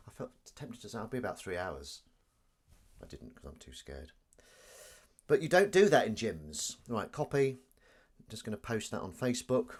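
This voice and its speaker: A man's voice: on the low side, animated, fairly quick. A man hosting a live stream in a casual, jokey, self-mocking way, reading viewer comments aloud.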